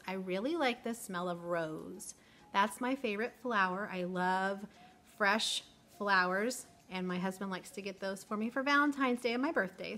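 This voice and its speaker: A woman's voice: mid-range voice, bright, forceful tone. A middle-aged woman teacher vlogging casually, chatty and candid, sentimental. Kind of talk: casual get-to-know-me chat.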